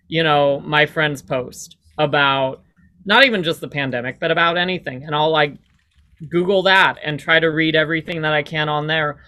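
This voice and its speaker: A man's voice: on the high side, pushed and bright. A man talking as a podcast guest in a rambling, casual way, full of "like" fillers. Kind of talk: casual interview chat.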